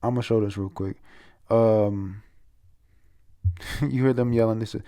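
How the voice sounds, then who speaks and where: Dude rambling thru a manga recap, cussing, tripping on names, dark gravelly voice. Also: male voice, on the low side, fairly even intonation, slow pace, long pauses. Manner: rambling, swears, stumbles on names. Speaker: manga chapter reviewer. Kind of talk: casual comic recap.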